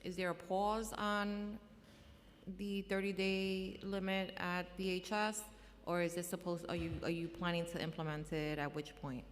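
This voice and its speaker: A woman chairing a council hearing who puts questions haltingly, with restarts and fillers, her voice a little scratchy. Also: on the low side, level tone. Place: council chamber. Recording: long chamber reverb, faint room noise.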